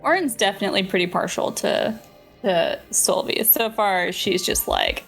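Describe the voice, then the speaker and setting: A woman's voice: medium pitch, animated, normal speed, creaky, fairly bright tone, soft background music, low-quality recording. Amused woman player. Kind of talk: casual tabletop play.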